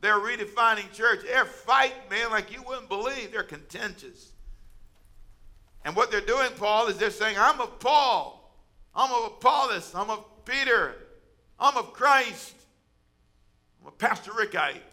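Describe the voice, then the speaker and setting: A man doing an excited gossiping churchwoman. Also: high-pitched, measured pace, voice pushed up, exaggerated voice. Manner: breathless, excited tattling. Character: excited gossiping woman churchgoer writing to Paul.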